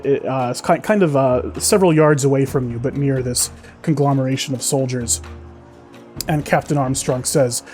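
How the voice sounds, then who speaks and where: A man's voice: medium pitch, darkish tone. A man narrating as game master, describing scenes vividly with many fillers.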